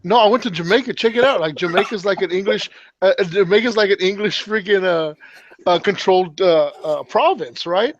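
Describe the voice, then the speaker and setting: Excitable man with a high voice, lo-fi recording, stammers and swears. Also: a little fast, a little hiss or hum. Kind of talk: casual chat. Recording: dull lo-fi sound.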